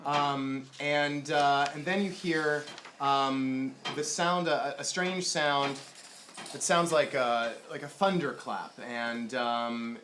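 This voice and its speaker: A man's voice: mid-range voice, slow, fairly bright tone, slight background noise. A man narrating a tabletop game as game master, hesitant and full of fillers.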